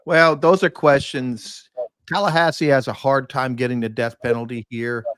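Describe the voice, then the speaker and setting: A middle-aged man who is a defense attorney, a guest on a podcast, speaking in a measured, earnest way with some hesitant restarts. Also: mid-range voice, steady tone, fairly bright tone, clean tone, no echo.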